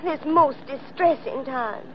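A woman's voice: high-pitched, slow pace. An actress playing a sweet-talking young Southern woman with an American Southern drawl, in 1940s radio acting style. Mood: sweetly grateful. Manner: gushing, honeyed drawl. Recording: dull old radio broadcast with faint hiss.

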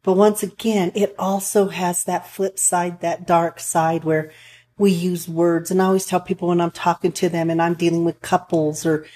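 Woman counselor, low mellow voice, earnest, rambling casual chat. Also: steady tone, moderate pace. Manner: earnest, rambling with restarts and storytelling. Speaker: counselor for couples and families.

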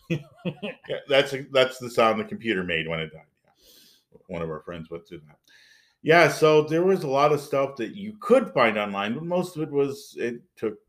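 A man's voice: medium pitch, very animated, moderate pace, a bit bright. A man co-hosting a podcast in casual chat, wry and rambling, trailing off at times. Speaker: podcast co-host.

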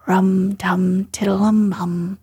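A woman voicing a cheerful, simple male teddy bear in a gentle, unhurried way. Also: medium pitch, animated, slightly rough, full character voice.

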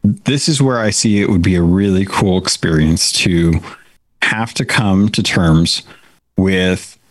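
A man co-hosting a casual podcast, relaxed and backing up his partner with short replies. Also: sits low, slow pace, no room sound. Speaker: podcast co-host. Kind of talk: casual chat.

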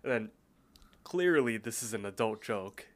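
A man's voice: lowish voice, animated, a little slow. A man co-hosting a podcast, casually recapping a cartoon episode in a chatty way and laughing easily. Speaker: podcast co-host.

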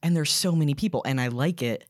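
A woman's voice: sits low, fast, no echo. Candid trans woman on a dry podcast mic. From American South. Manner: candid, animated when retelling exchanges. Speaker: podcast guest. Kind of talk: casual podcast conversation.

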